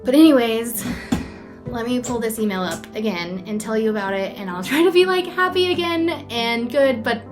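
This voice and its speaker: A woman's voice: a little high, expressive, moderate pace, over music. A young woman in a rambling, self-deprecating casual vlog, filling her talk with "like". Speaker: vlogger. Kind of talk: casual talking-head vlog.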